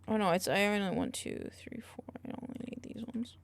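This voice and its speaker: A woman's voice: medium pitch, animated, a little fast, few pauses, a little hiss or hum. An American woman streaming and chatting playfully with viewers while she works. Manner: playful, reacting to chat with loud outbursts and laughs. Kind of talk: casual chat with viewers while working. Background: keyboard typing and clicking.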